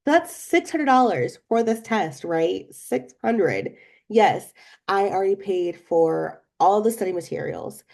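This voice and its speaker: Young woman podcaster telling a story, mellow and kinda gravelly, chatty and animated. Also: mid-range voice, measured pace. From not from Florida. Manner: animated storytelling, addresses listeners as guys. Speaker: podcast host. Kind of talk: casual advice talk.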